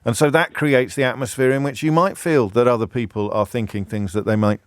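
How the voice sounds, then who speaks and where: A man's voice: medium pitch, steady tone, fairly quick, no room sound, clean studio sound. A middle-aged man hosting a talk radio phone-in, wry and discursive, often restarting his sentences. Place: radio studio. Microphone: studio microphone with headphones.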